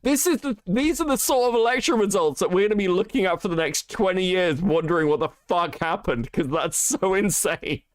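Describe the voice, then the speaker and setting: A man giving casual, profane live-stream commentary on chat, animated and laughing often. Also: high voice, a little fast, hardly any pauses, dry recording, studio quality.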